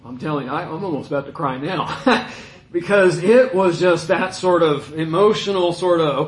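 A middle-aged man preaching a sermon in a conversational, storytelling way, dropping to a hush and rising again. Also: on the high side, expressive, normal speed, roomy sound, slight background noise, low-quality recording. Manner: conversational, anecdotal, shifts between loud and hushed.

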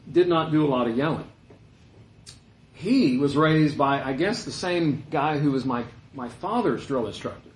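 A middle-aged man preaching a sermon in a conversational, storytelling way, dropping to a hush and rising again. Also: medium pitch, roomy sound, rough recording. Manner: conversational, anecdotal, shifts between loud and hushed.

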